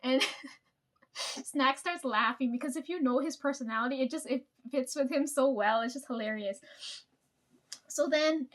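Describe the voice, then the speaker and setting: A woman's voice: sits high, measured pace, pauses often. A young woman telling rambling, profane work stories to the camera and laughing often. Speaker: vlogger. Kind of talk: casual storytelling.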